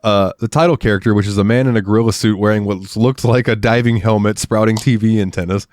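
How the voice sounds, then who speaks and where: Casting note: man, lowish voice, dry close sound, laid-back podcast co-host reading off a list. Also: fairly even intonation, quick pace, darkish tone, no room sound. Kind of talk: casual chat, reading out a list.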